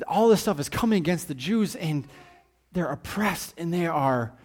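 A man's voice: fairly high pitch, animated, normal speed. A man voicing a hurt, disillusioned male disciple who speaks with bitter defiance.

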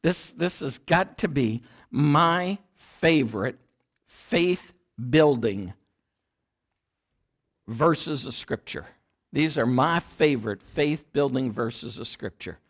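A man's voice: mid-range voice, lively intonation, takes it slowly. A man preaching a sermon in a church, emphatic and repetitive, calling the congregation to repeat after him. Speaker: pastor.

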